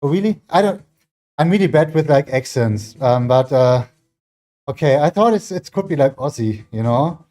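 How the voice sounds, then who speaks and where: Mid-workout in his home gym, a fitness streamer who isn't a native English speaker chats with his audience in a fairly high, animated, dark-toned voice at normal speed. He reads chat aloud and answers it, rambling and filling gaps with "like."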